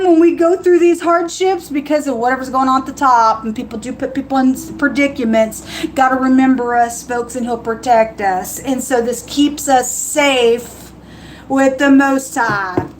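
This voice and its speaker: Woman, high voice, fiery preachy livestream host, warns and quotes scripture, faint hiss behind. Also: low-quality recording. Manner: fiery and warning, quoting scripture.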